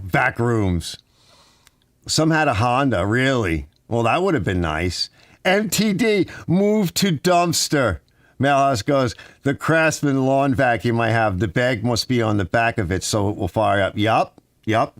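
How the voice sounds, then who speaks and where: A middle-aged man chatting on a relaxed live stream, rambling from one story to the next and tossing in "right?" and "you know" all the time. His pitch swings a lot as he talks, rising high when he gets worked up. The sound is dry and close, with no room around it. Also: dry recording. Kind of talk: casual live-stream chat.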